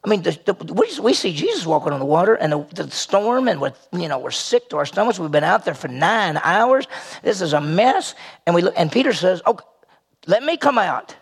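A man's voice: high-pitched, big pitch swings, a little fast, vocal fry, breathy edge. A man preaching a conversational sermon, posing rhetorical questions and rising in emphasis as he goes.

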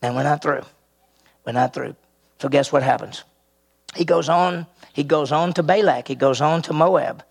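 A man's voice: fairly high pitch, moderate pace, creaky, breathy edge. A man preaching an expository sermon, walking his listeners through a passage and quizzing them with questions.

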